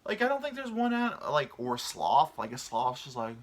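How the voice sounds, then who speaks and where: A man's voice: mid-range voice, animated, normal speed, few pauses. A man in his thirties hosting a solo podcast, rambling and crude, with lots of fillers. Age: 30s. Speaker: podcast host. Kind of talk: casual solo podcast monologue.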